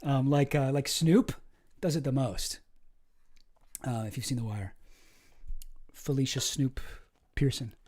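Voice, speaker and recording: A man's voice: mid-range voice, a little slow, long pauses, a little mellow. A young Canadian man with a Canadian accent, chatting casually on a live stream and answering his chat, rambling with lots of fillers and restarts.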